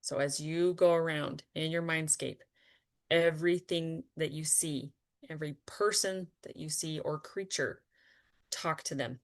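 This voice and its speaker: A woman leading a spiritual conversation, earnest and animated, often laughing and trailing off with fillers. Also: sits low, measured pace. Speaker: spiritual teacher.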